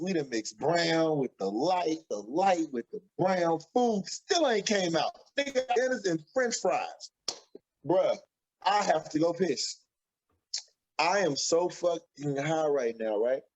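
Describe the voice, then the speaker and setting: Excitable man telling a story. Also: a little high, slow. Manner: excitable, acts out quotes. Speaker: podcast co-host. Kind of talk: animated storytelling. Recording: dull lo-fi audio.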